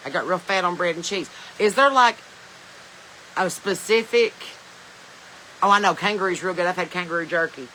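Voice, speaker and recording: Reading viewer comments from her phone, a Southern American woman hosts a casual livestream, joking and laughing in loose, drawling asides. Her fairly low voice is bright and forward, with a faint hiss behind it, and the recording is rough.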